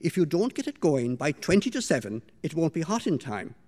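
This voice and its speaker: A man voicing a sharp-tongued, bossy mistress of a house who scolds and gives orders, in a storybook reading. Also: sits low, big pitch swings, a little fast, big-room sound. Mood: impatient. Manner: scolding, impatient, commanding.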